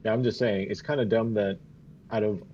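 A man playing a tabletop game, chatty and jokey, thinking his moves through out loud. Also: fairly low pitch, fairly even intonation, a little fast, highs cut off, slight background noise. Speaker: player. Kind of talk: casual tabletop game chat.

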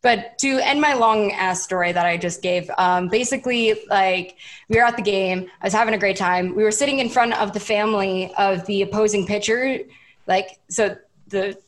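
Here a young female podcast guest talks at a moderate pace in a mid-range voice. She's animated as she tells a long, relaxed story, performing everyone's lines in quotes, herself included, with plenty of "like."

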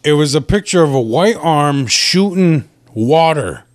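A man's voice: fairly high pitch, measured pace. A man co-hosting a podcast, telling stories in casual banter and swearing freely. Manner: animated storytelling, swears a lot. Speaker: podcast co-host.

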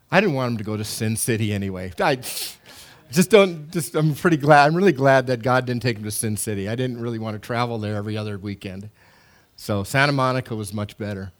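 A middle-aged man preaching a sermon as pastor, animated and emphatic, with repetitions and restarts. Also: mid-range voice.

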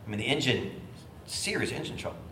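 Man telling an animated story, echoey room. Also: medium pitch, fairly quick. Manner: animated storyteller, acts out voices. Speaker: bishop. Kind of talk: storytelling sermon. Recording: echoey room with faint noise.

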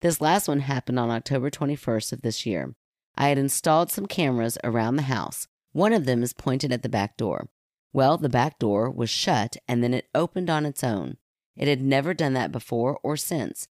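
A woman's voice: extremely low pitch, lively intonation, normal speed, darkish tone, dry recording, studio quality. A woman co-hosting a casual podcast, reading listener stories aloud and teasing her co-host with a playful, laughing manner.

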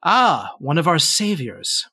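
A man voicing a suave, white-haired tiefling gentleman in a tabletop game, speaking in a smooth, courteous, mannered way. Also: fairly high pitch, big pitch swings, takes it slowly, no echo, clean studio sound, heavily acted. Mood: wry.

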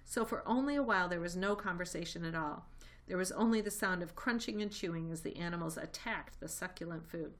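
A woman reading a children's storybook aloud, lively and expressive. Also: on the low side, fairly quick. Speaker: reader. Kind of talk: storybook read-aloud narration.

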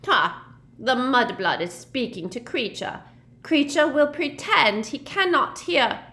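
A croaking, bitter old male house-elf sneers in a raised, loud voice, put on by a woman narrating a storybook. He refers to himself in the third person and speaks with scorn. The tone sits higher than her usual reading. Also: lively intonation, slow, heavily acted. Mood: sneering. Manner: mutters insults about himself in third person. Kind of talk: audiobook character voice.

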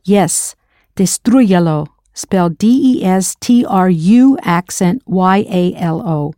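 Woman, language teacher, recorded lesson, mellow, dry studio sound, spells words letter by letter. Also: on the low side, expressive, slow pace, dry recording. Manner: spells words letter by letter, then prompts the learner.

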